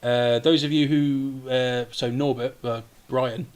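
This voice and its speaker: A man narrating as game master in a halting, relaxed way with many fillers. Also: mid-range voice, clean tone. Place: home streaming setup.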